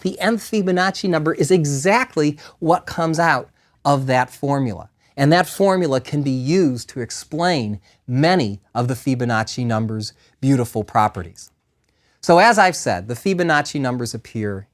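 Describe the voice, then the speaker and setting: Middle-aged male professor, playful lecture delivery, pitch swinging up and down a lot. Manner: lively, playful, enthusiastic. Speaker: math professor. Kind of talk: recorded lecture. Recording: compressed 2000s DVD lecture audio.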